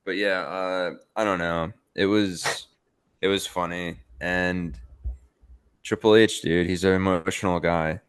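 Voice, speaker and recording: A man's voice: sits low, fairly even intonation, slow pace, clear, resonant tone, no echo, clean studio sound. A man co-hosting a podcast in casual chat, rambling with lots of "like" and some swearing. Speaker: podcast co-host.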